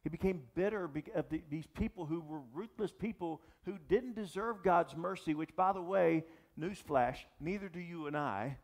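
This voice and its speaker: A man's voice: on the high side, normal speed. A man preaching a sermon as pastor, talking animatedly with frequent restarts and asides to the audience. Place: church or gathering space for young adults.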